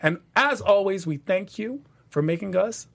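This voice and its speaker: A man with a notably high voice leads a casual TV after-show talk. He speaks in an animated, theatrical way, pushing his pitch up for audience appeals. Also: normal speed, vocal fry. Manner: animated, theatrical call-to-action delivery. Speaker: podcast panel host.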